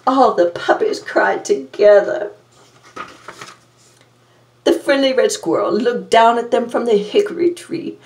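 A woman's voice: fairly high pitch, unhurried, pauses often, slight background noise. A woman playing a vain, glamorous villainess reading a storybook aloud in a campy, theatrical way. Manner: campy, self-admiring, theatrical. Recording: roomy, from a distance.

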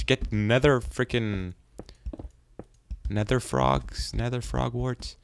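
A young man giving jumpy, frightened let's play commentary, often breaking into loud exclamations. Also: mid-range voice, expressive, slow, dry recording. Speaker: gaming YouTuber.

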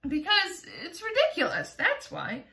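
Storybook: woman as small curious boy, high and earnest, echoey. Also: wildly swooping pitch, measured pace, sharp tone, heavily acted. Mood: eager. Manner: wondering, earnest. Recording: roomy echo.

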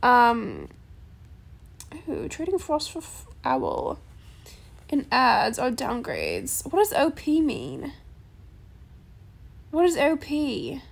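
A young adult woman in casual gameplay chat, soft-spoken and chatty, recorded on a phone in a quiet bedroom late at night. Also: sits high, wildly swooping pitch, takes it slowly, gravelly, long pauses. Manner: chatty, soft-spoken, calls viewers bestie. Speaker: gaming YouTuber.

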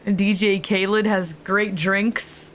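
A woman's voice: medium pitch, fairly even intonation, slow, slight background noise. Playful swearing woman streaming a game. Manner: playful, joking, swears freely; chatty asides to the audience. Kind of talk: casual live-stream commentary.

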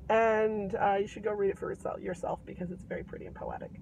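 A woman's voice: medium pitch, sing-song, quick pace, vocal fry, recorded from a distance, highs cut off, noisy background. A woman casually retelling a fairy tale in a chatty, irreverent way, full of fillers. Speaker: storyteller.

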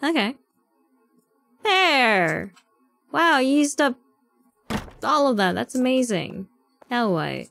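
Panicky high-voiced young woman streamer. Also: big pitch swings, takes it slowly, vocal fry, long pauses, over music. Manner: panicky, repeating herself, whimpering. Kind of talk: live gameplay commentary.

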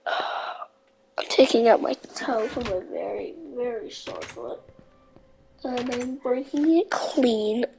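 A woman's voice: a little high, creaky, mellow, slight background noise, low-quality recording. A woman chatting casually while gaming with a friend, often dropping to a whisper and apologizing in a rambling way. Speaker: gamer playing with a friend.

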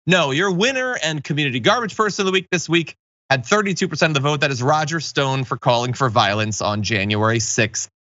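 A man hosting political commentary, sarcastic and mocking, his pitch swinging widely as he makes his points. His voice is bright and pointed, recorded dry with a slightly dulled sound. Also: lively intonation, a little fast, dry recording, muffled recording.

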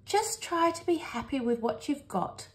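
A woman voicing a patient, gently firm mother dog in a read-aloud storybook. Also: sits high, animated, a little slow, voice pushed up.

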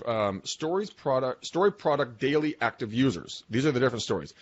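A man co-hosting a podcast, talking in animated, emphatic casual business chat and swearing now and then. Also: mid-range voice, a little fast, dull audio. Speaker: podcast co-host.

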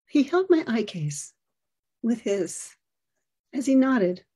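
A middle-aged woman giving an earnest, expressive storytelling talk, acting out the lines of the people in it. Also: on the high side, slow pace, pauses often, breathy edge.

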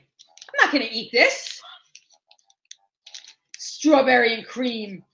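A woman reviewing candy on a livestream, animated and exaggerated as she talks straight to her viewers. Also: a little high, slow pace, gravelly. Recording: dull lo-fi livestream audio.

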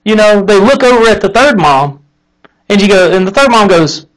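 A man hosting a casual faith talk, telling an illustration with lively acted-out characters and then drawing the lesson from it. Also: sits high, normal speed, poor audio. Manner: animated storyteller, acts out the characters in the story. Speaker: host of a live Christian talk stream.

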